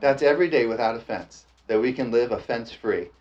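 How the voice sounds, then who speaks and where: A man preaching a lively sermon, often calling out "amen?" and joking with the congregation. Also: mid-range voice, brisk. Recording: dull lo-fi sound with faint background noise.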